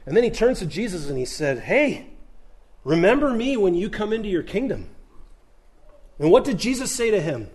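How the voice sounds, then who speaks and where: Male pastor, slightly high-pitched, conversational preacher who acts out voices in his stories. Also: moderate pace, long pauses. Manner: animated storytelling, acting out voices. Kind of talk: sermon.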